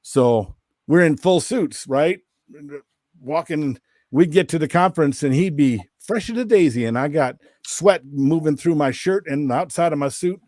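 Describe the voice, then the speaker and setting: A man telling a long story as a podcast guest, lively and quick to mimic others in high, mocking voices. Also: no echo, clean studio sound. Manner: animated, jumps into high mocking voices when quoting. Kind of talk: casual storytelling. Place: Minnesota-based.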